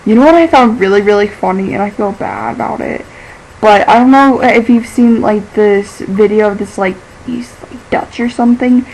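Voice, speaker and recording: A teenage girl rambles through a casual vlog with a gravelly, creaky edge to her mid-pitched voice. She drifts from thought to thought, piling up "like" and breaking into easy laughs. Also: darkish tone, slight background noise, rough recording. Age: teens. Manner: chatty and scattered, fills every pause with "like", laughs easily. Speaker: vlogger.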